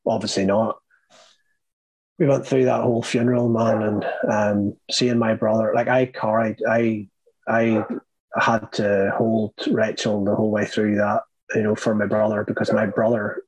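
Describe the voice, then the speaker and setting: A young Irish man with a low, husky voice tells his own story in an interview. He speaks earnestly and haltingly, restarting his sentences often. The sound is dry and close to the mic. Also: level tone, no echo, low-quality recording. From Ireland. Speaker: guest.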